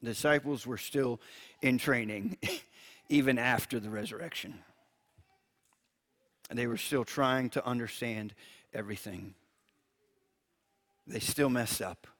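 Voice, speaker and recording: Gentle man teaching from scripture. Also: medium pitch, unhurried, long pauses. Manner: gentle, chuckles often, repeats words when restarting. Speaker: preacher. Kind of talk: Bible teaching, reading scripture aloud.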